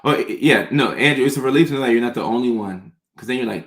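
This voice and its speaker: A man's voice: mid-range voice, fast talker, a bit bright, reverberant. A man hosting a casual livestream, chatting as he reads out viewer questions and answers them.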